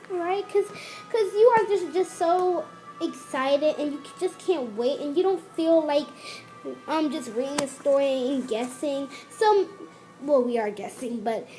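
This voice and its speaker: Kids' lesson host reading a picture book, high bouncy voice, unhurried, faint music under it. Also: dark tone. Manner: explains slowly with restarts and asides to the viewer.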